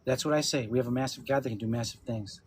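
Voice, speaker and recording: A middle-pitched man in his fifties hosts a loose livestream chat from home. He laughs often and swears freely. A faint hum of room ambience sits under his voice. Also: fast. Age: 50s. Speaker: livestream host.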